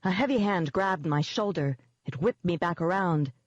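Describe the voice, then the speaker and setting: A woman's voice: fairly low pitch, lively intonation, moderate pace, no echo, dull audio. A woman giving first-person scripted narration of an audiobook in a tense, vivid storytelling manner.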